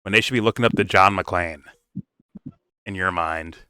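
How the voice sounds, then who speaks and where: Blunt, foul-mouthed man with a deep voice. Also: normal speed, bright, forceful tone, smooth, no room sound. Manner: blunt, profane, swears freely. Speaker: film reviewer. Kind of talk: casual commentary rant.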